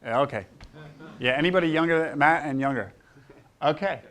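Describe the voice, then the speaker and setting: A man's voice: on the high side, fairly quick, a bit bright. A man in his sixties, a chiropractor, telling personal stories to a live audience, acting out quoted voices and throwing questions to the crowd. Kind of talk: anecdotal talk to a live audience.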